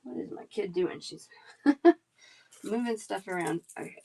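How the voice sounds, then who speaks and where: This woman's voice is medium-pitched, creaky, and dark-toned, and she talks expressively and a little slowly over a faint hiss or hum. Hosting a live bead sale, she chats casually, reads viewer comments out loud, and rattles off prices and sizes.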